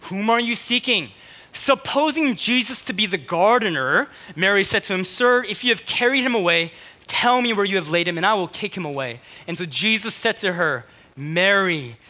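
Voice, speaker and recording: A man preaching a sermon on stage, excited and a little out of breath, with quick asides to the congregation. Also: high voice. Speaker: pastor. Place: church stage.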